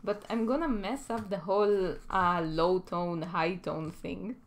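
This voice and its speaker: Chatty Israeli woman, lowish voice. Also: steady tone, a little slow. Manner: rambling, self-deprecating, chatty. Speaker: animation livestreamer. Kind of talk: casual chat while working.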